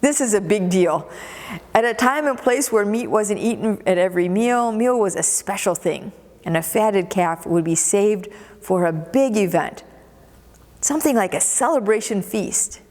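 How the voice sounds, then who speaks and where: In a church sanctuary, a woman pastor preaches a sermon, telling the story expressively and repeating words for emphasis. Her medium-pitched voice is a little mellow and moves at a moderate pace. A long church reverb trails every line.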